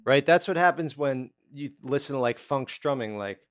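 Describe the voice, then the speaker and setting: A man's voice: mid-range voice, normal speed. A man giving a casual guitar lesson, explaining rhythm and counting beats aloud while he plays. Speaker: guitar teacher. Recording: loud guitar playing under the voice.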